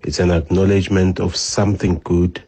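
A man's voice: low-pitched, little pitch movement, normal speed, warm tone, breathy edge. A man leaving a voice note for a radio show, patiently explaining a greeting. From South Africa.

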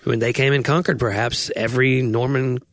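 A man's voice: medium pitch, fairly even intonation, a little fast, no echo. A man co-hosting a podcast, musing and rambling playfully in casual comedic chat. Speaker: podcast co-host.

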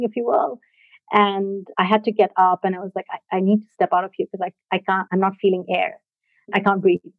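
A woman casually telling a personal story in a reflective, halting way, often laughing softly between thoughts. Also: medium pitch, gravelly, no echo. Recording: dry, tinny phone-like sound.

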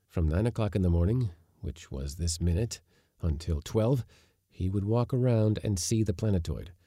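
A man reading a short story aloud, acting out the dialogue with big jumps in pitch and force. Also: normal speed, warm tone, no room sound, studio quality. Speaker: narrator.

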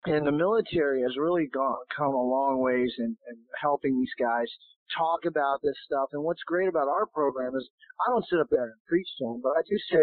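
Hoarse male guest, rambling and casual, phone-line quality. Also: mid-range voice, fairly quick, no echo. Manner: rambling, many restarts and fillers. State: hoarse, losing his voice. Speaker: golf professional, guest.

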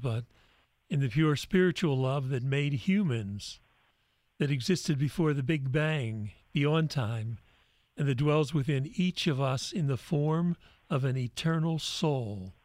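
A man hosting an interview, reading quoted passages aloud in a measured, deliberate way before asking a question. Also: mid-range voice, darkish tone, no room sound. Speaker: interview host.

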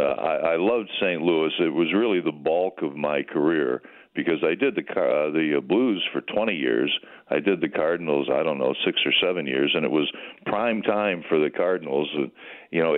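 An older man, a retired sports broadcaster, calling in by phone and reminiscing in a folksy, chatty way. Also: very deep voice. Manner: folksy, chatty, many fillers and restarts. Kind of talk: reminiscing interview answers. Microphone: telephone. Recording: tinny phone line.

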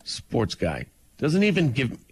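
A man co-hosting a radio morning show, bantering in a teasing, lively way. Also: medium pitch, slow, husky, dry recording. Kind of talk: casual chat.

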